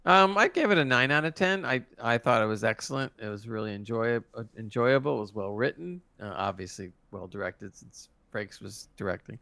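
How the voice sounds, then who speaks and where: A man's voice: medium pitch, fairly quick, gravelly, hardly any pauses, sharp tone, no echo. A man co-hosting a podcast review, laid-back and easily amused in casual chat. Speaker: podcast co-host.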